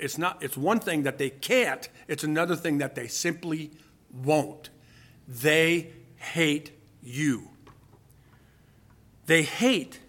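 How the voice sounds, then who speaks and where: A man's voice: fairly high pitch, pushed and bright. A man preaching a sermon to his congregation, emphatic and full of rhetorical questions. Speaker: pastor.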